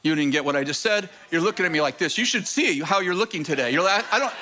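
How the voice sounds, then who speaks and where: A male pastor delivers a sermon with a high-pitched, bright voice. He tells stories to his congregation and acts out the voices of the people in them. His delivery is animated and conversational. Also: fast talker.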